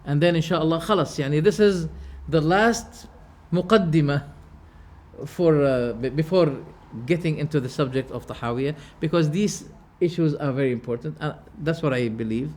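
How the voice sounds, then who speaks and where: Speaking emphatically at a moderate pace, a religious teacher with a darkish voice that sits a little high for a man lectures on belief. He restates every term, poses rhetorical questions, and stumbles into restarts.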